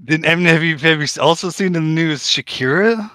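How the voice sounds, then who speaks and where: Man, slightly high, bright voice, dry close sound; corny stand-up bit, rambling setups. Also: brisk, no room sound. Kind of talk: mock stand-up routine, casual chat.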